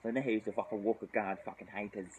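Talking fast with fairly even intonation, this British man rambles and curses his way through a casual outdoor drinking vlog, tipsy, shivering from the cold and sighing frequently. He has a fairly low, slightly mellow voice, and the poor-quality recording carries a bit of background noise.

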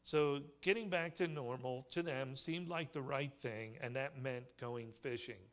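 A man's voice: mid-range voice, unhurried, a bit bright. Man preaching a conversational sermon. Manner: conversational storytelling with light humor. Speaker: pastor. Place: church sanctuary.

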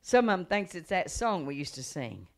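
Woman evangelist, middle-aged, revival sermon; dramatic storyteller who swells into loud, fervent preaching. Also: lowish voice, moderate pace. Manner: animated storytelling, acts out voices and gasps; rises to loud preaching cadence.

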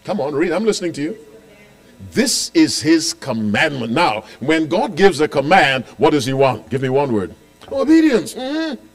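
Emphatic preacher with a lively pitch. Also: male voice, moderate pace. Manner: call-and-response with the congregation, repeats key lines; swings between loud emphatic declarations and quiet asides. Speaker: pastor. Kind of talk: sermon.

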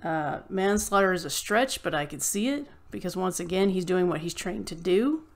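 A woman with a fairly low voice talks straight into the mic in an opinion vlog. She rants with passion and addresses her viewers as she argues her point. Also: normal speed. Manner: impassioned, ranting. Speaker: vlogger.

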